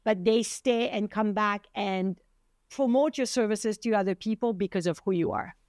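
A woman's voice: mid-range voice, moderate pace, darkish tone, dry recording. A middle-aged woman with a French accent, hosting a casual podcast chat and animatedly acting out the voices she quotes. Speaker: podcast host, acupuncturist.

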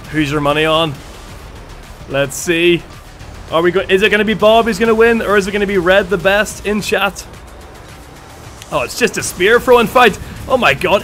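A man commentating a live game stream with excitable energy and a slightly strained voice, thanking viewers as he goes. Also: high-pitched.

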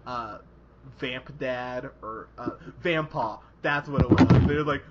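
A man's voice: mid-range voice, unhurried, very noisy. A man reviewing a movie on a podcast in casual, profane chat, rambling and laughing as he quotes scenes. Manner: rambling, laughing, quoting in animated voices. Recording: dull lo-fi podcast audio.

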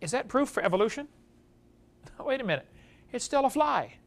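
A man's voice: very high voice, sing-song, normal speed, creaky. A man giving a classroom lecture, telling folksy stories and chuckling at his own jokes.

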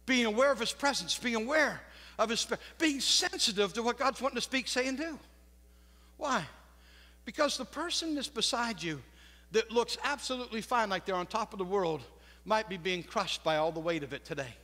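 A man's voice: very high-pitched, animated, a little fast, bright, forceful tone. A man preaching a sermon as pastor, telling a story with jokes and asking the congregation questions. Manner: storytelling, laughs at own jokes, asks crowd questions. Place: church sanctuary. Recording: long church reverb.

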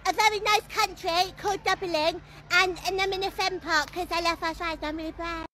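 A woman's voice: very high-pitched, fairly even intonation, a little fast, very noisy. A woman voicing a cheerful, naive and dim-witted female character in a satirical skit. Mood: earnest.

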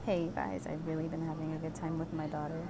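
Deep and fast with little pitch movement and some vocal fry, this woman's voice competes with heavy background noise. She's a vlogger and mother giggling through casual chat with her daughter, moving from a restaurant to a mall coffee shop.

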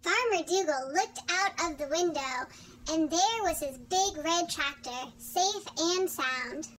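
A woman narrating a read-along children's storybook in an animated, sing-song way. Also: extremely high pitch, takes it slowly, slight background noise. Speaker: storybook reader.

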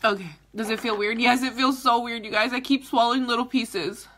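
A woman's voice: on the high side, steady tone, brisk, a bit bright. A woman who is a mother, vlogging live in a casual, dramatic way with squeals, laughter and cursing. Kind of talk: casual livestream chat.

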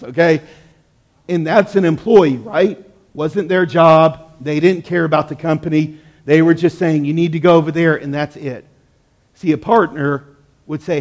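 A man's voice: on the high side, fairly even intonation, normal speed. A man in his thirties, a pastor, preaching a sermon in a conversational, storytelling way to his congregation in a church.

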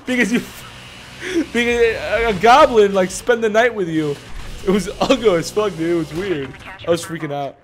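A man's voice: sits high, normal speed. A young man chatting while gaming, telling rambling, profane stories with lots of laughing, recorded at home on a desk mic. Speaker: video uploader and player. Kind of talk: casual gaming chat. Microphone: home desk mic, audio only.

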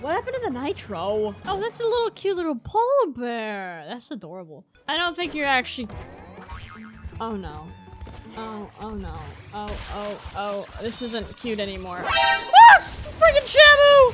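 A woman giving excitable let's play commentary, joking at the game and letting out loud shrieks as she plays. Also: fairly high pitch, a little slow. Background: game music.

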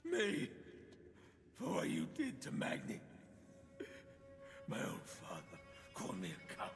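An actor voicing a wounded, bitter young god who taunts his enemies in a rasping, gravelly voice. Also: low-pitched, huge pitch swings, measured pace, long reverb tail, music in the background, exaggerated voice. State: wounded and weak. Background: game score.

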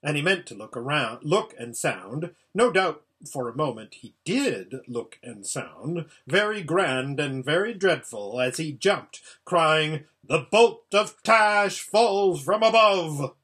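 A man reading a children's novel aloud with expressive, lively storytelling. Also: fairly high pitch, measured pace, hardly any pauses, slightly rough. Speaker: audiobook reader. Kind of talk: storybook read-aloud narration.

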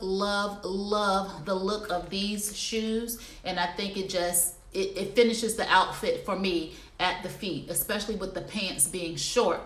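A woman's voice: medium pitch, a bit bright. A chatty woman runs a casual live shopping stream, talking straight to her viewers. Her voice sits in a middle range for a woman. The room around her is echoey. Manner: chatty, addresses viewers as y'all. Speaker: livestream shopping host. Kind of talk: casual live product review. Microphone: phone or computer livestream.

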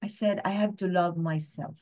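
A woman's voice: lowish voice, fairly even intonation, moderate pace, warm tone. Earnest woman speaker, muffled lo-fi sound. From Philippines. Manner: emotional, earnest, confiding, asks the listeners questions. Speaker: guest speaker at a training session. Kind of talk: personal testimony talk. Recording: dull lo-fi sound.

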